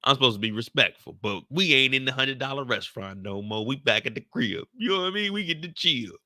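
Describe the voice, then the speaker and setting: A man's voice: medium pitch, lively intonation, fast, bright, forceful tone, no room sound. A man hosting his show, chatting loosely in slang and repeating his points. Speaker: YouTube show host. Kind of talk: casual recap chat.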